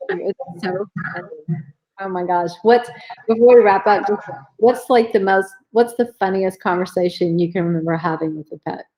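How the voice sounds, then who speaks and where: A woman's voice: medium pitch, moderate pace, dark tone, low-quality recording. A woman hosting a podcast, chatting enthusiastically in a casual interview. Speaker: podcast host.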